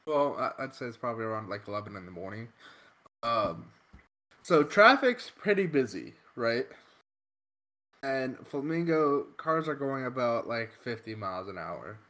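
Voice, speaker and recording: A man's voice: mid-range voice, moderate pace. A man in casual chat telling a road-rage story, swearing often and filling his speech with "like" and "okay?". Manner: profane, animated storytelling with many fillers.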